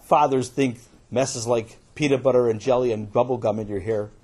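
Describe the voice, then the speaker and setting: A man telling a children's story in an animated, playful way, with casual asides. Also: mid-range voice, moderate pace, slightly rough.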